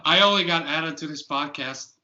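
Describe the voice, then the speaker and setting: A man's voice: fairly high pitch, moderate pace, sharp tone. A man rambling in a casual, self-deprecating way as a new podcast co-host on an online call. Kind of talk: casual chat over a call. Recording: dull lo-fi online call with weak Wi-Fi.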